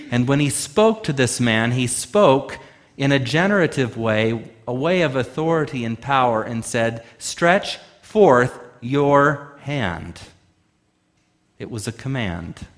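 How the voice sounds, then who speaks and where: Man preaching an emphatic sermon. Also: medium pitch. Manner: emphatic preaching with rhetorical questions and slow, drawn-out phrases. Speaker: pastor.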